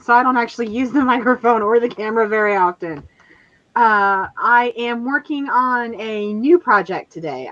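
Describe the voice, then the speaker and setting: A woman's voice: mid-range voice, a bit bright. Woman chatting on a video call, laid back, kinda dull laptop audio. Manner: apologetic, easygoing, with small laughs. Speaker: guest writer on a stream. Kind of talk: casual video call chat. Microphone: laptop microphone.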